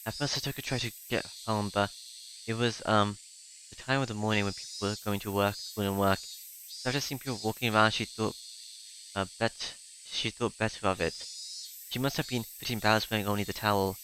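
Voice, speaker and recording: A man's voice: fairly low pitch, a little fast, sharp tone, a little hiss or hum, rough recording. A man reading a visual novel aloud, hesitant and correcting himself as he goes. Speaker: reader.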